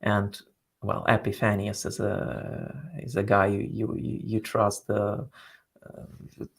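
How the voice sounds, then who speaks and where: A man speaking as a guest in a scholarly interview, explaining in a halting way as he searches for words. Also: fairly low pitch, level tone, gravelly, slightly rough.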